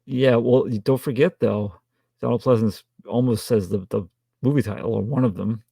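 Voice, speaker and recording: A man co-hosting a casual film review podcast, making dry, deadpan jokes. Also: mid-range voice, normal speed, gravelly, slightly rough, dry recording. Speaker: podcast co-host.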